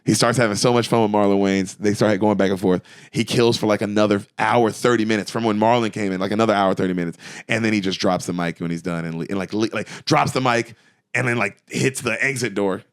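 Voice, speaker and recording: A man, a stand-up comedian, telling a story in casual chat, animated and swearing as he goes. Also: on the low side, fast talker, clean tone, dry recording, clean studio sound. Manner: animated, swearing, excitable retelling.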